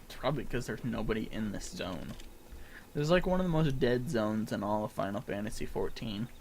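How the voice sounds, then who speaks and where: A man's voice: fairly low pitch, animated, fairly quick, a little mellow, a little hiss or hum. A young man streaming a game, chatting casually with lots of fillers and laughs. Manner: rambling, filler-heavy, laughs often. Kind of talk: casual gameplay commentary.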